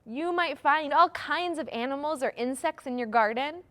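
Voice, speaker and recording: A woman's voice: high-pitched, moderate pace, bright, forceful tone. A young adult woman, a children's librarian, leading a storytime with rhymes, gasps and animal noises for small children.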